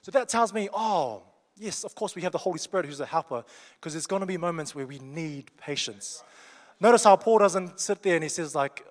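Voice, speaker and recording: A young man with a New Zealand accent is preaching to his congregation, mixing jokes into the sermon in a relaxed, conversational way. His voice sits a bit high for a man. The long reverb of a large hall trails after every line. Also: brisk. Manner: joking, conversational and down-to-earth.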